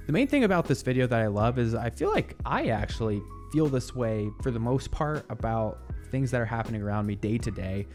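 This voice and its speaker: A man's voice: medium pitch, lively intonation, fairly quick, few pauses, a little mellow, faint music behind. A man in his twenties hosting a casual good-news show, chatting and reacting to video clips in an upbeat, rambling way with frequent laughs. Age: 20s.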